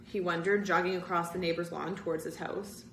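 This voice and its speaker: A woman reads a spooky children's chapter book aloud, narrating with drama and feeling. Her voice is mid-pitched. The room gives it a noticeable echo. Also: steady tone, a little fast, far from the mic, a little hiss or hum. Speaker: story-time reader. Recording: roomy echo.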